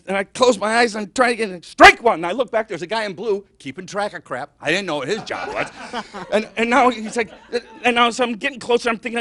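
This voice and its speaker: A man's voice: high-pitched, fairly bright tone. An older man from Detroit doing rambling, self-mocking stand-up comedy. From Detroit, Michigan. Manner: rambling, self-mocking, exaggerated tall tales.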